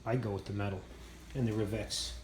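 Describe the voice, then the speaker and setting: A man's voice: on the low side, fairly even intonation, fairly quick, darkish tone, roomy sound, a little hiss or hum. A man rambling casually through a vlog tour of his machine shop, self-mocking and swearing freely. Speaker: channel host showing his machine shop.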